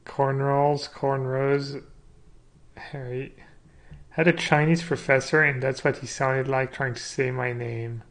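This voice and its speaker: Brief: male streamer, gravelly mid-pitched voice, casual joking commentary. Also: flat delivery, measured pace, a bit bright. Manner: joking, thinks aloud about card choices.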